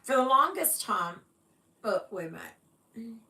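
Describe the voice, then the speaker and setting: On the high side and very animated, this woman's voice has a sharp edge. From Canada, she hosts a relaxed stitching livestream, reading comments aloud to say hello and rambling slowly with fillers.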